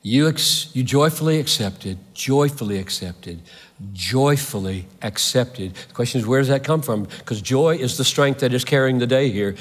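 A man's voice: medium pitch, fairly quick, few pauses. A man preaching a sermon with fervor, driving his points home through repeated rhetorical questions. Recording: long hall reverb.

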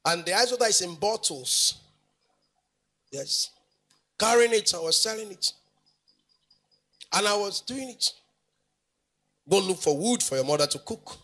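A man's voice: sits high, expressive, a little slow, long pauses, bright, forceful tone. A male pastor, preaching emphatically in a sing-song way, repeating phrases and asking the congregation questions. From Nigeria. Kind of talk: preaching sermon.

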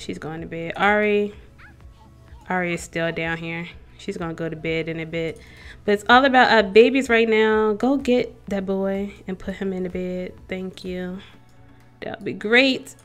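A woman's voice: medium pitch, unhurried. Young woman, let's play host, chatty commentary over faint game music. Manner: chatty, talks to the game characters and viewers. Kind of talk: casual gameplay commentary.

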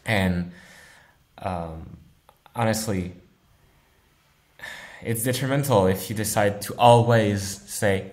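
A man who works as a software engineer answering interview questions in a thoughtful, easygoing way, often laughing. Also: fairly low pitch, fairly even intonation, slow, long pauses. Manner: thoughtful, laughs easily, uses analogies.

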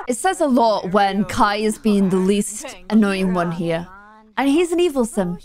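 A young woman giving chatty, exasperated commentary over her own gameplay, quick to exclaim when things go wrong. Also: medium pitch, animated, noisy background. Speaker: gaming YouTuber.

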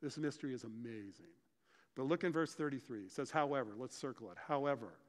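A man's voice: mid-range voice, fast talker. Man preaching in a reverberant church. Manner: animated storytelling, acts out dialogue. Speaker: pastor. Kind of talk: sermon. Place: church sanctuary.

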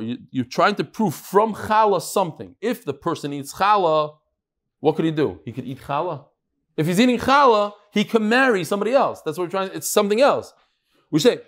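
A man giving a live Talmud lecture to a study hall, lively and joking, freely mixing in Hebrew and Aramaic terms. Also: fairly high pitch. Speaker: Talmud class teacher.

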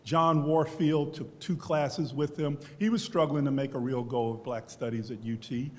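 A man from Beaumont, Texas, US, in his sixties, speaks at normal speed in a steady, slightly mellow mid-range voice. He reflects on his own stories for a history panel, often restarting sentences, in a recording with long hall reverb.

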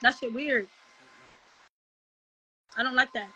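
A woman's voice: sits high, slow, bright, forceful tone, breathy edge, lo-fi sound. A young woman ranting on a livestream, profane and defensive, repeating herself. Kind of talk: heated livestream rant.

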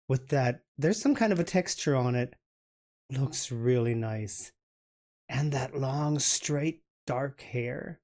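Slow-talking, gushing reaction host. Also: male voice, mid-range voice, darkish tone. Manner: gushing, halting, repeats words. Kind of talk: excited reaction commentary.

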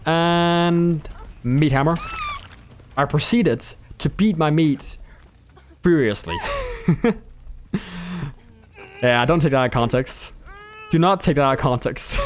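Man, game streamer, live commentary, playful, joking, slightly high voice, faint background hiss. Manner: playful, joking, self-amused. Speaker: gameplay streamer.

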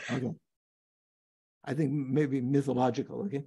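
Husky, mellow-voiced older male teacher. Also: medium pitch, little pitch movement. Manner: thoughtful, halting, with restarts and questions to students. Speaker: Buddhist teacher. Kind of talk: teaching a recorded class, reading and explaining a text.

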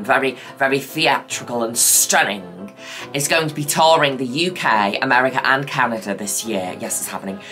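Brief: camp drag queen host, deep lively voice, bright tone, faint music behind. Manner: camp, theatrical, self-mocking. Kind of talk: casual reaction commentary.

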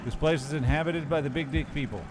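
A man's voice: fairly high pitch, fairly even intonation, fast talker. A man casually commenting while he plays a horror game, joking and swearing to himself. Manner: profane, joking, talks to himself. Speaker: streamer playing a horror game. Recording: loud game noise behind. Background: horror game sounds.

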